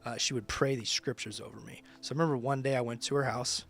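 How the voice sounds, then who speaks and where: Man, mid-pitched voice, ministry leader, personal testimony, emphatic, casual slang. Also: steady tone, fast, creaky, a bit bright.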